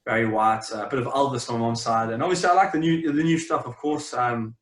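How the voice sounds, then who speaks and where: A man's voice: medium pitch, fast talker. South African man chatting in a roomy echo. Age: young adult. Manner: relaxed, rambling, many fillers and restarts. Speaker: interview guest, champion swimmer. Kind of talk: casual interview chat. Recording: roomy, echoey sound.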